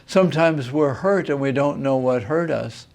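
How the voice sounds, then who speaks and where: A man, a Jesuit priest, giving a reflective teaching talk on marriage, thoughtful and unhurried, pausing to find his words. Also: mid-range voice, vocal fry, darkish tone. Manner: unhurried, thoughtful, pauses with filler sounds. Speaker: Jesuit priest and retreat master.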